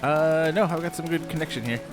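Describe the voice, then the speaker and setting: A man streaming a video game, chatting casually with a friend and viewers, with brash, crude jokes. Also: a little high. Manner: brash, crude joking, quick. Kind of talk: casual gaming stream chat. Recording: game music behind voice. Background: game music.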